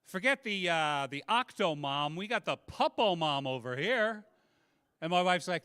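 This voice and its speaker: A middle-aged stand-up comedian, clear and resonant at medium pitch and normal speed, holds a handheld mic on a live stage. He pokes fun at himself through lively, animated stories.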